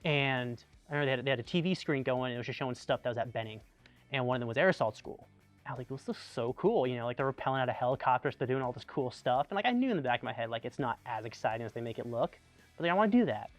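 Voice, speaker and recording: Man, young adult, army veteran, quick talker, casual storytelling, faint music behind. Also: mid-range voice. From Tucson, Arizona, USA. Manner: animated, chatty, lots of "like" and restarts.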